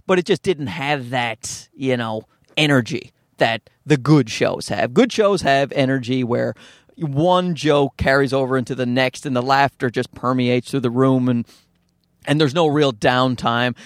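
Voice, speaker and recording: A man's voice: mid-range voice, unhurried, dry recording. Self-deprecating man rambling into a dry mic. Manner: rambling and self-deprecating, slipping into mock voices. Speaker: stand-up comedian and podcast host. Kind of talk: casual solo podcast monologue. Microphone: studio mic through a field recorder.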